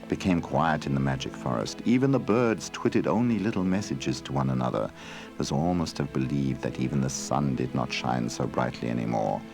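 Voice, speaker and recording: A man reading a children's storybook game aloud as narrator, gentle and measured. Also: very deep voice, gravelly. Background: faint music.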